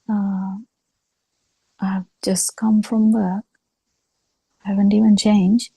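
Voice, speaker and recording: A woman gives a slow dharma talk over a video call, pausing often between phrases. Her voice is very dark, gravelly and somewhat husky, and the sound is dry and close. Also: mid-range voice, fairly even intonation, dry recording, rough recording. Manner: slow, halting explanation with frequent pauses. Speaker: Buddhist teacher.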